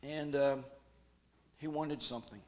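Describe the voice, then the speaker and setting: A man speaking at a youth retreat, preaching a jokey, animated sermon with big swings in loudness. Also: medium pitch, unhurried, slight background noise.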